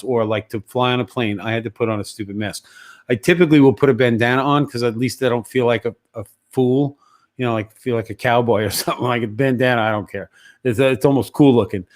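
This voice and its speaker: A man, a guest on a casual podcast, ranting in a heated, emphatic way with plenty of swearing. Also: mid-range voice.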